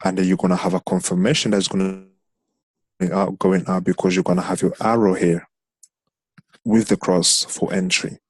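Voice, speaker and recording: A man's voice: low-pitched, level tone, normal speed, slightly rough, no echo. A man teaching a trading strategy over a screen share, explaining step by step and counting chart candles aloud. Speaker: trading instructor.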